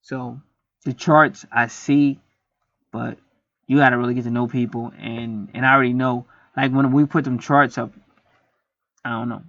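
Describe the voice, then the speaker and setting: A man's voice: mid-range voice, fairly quick, dry recording. A man talking in a rambling, profane, preachy casual monologue as host of a spiritual video. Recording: dry, dull lo-fi sound.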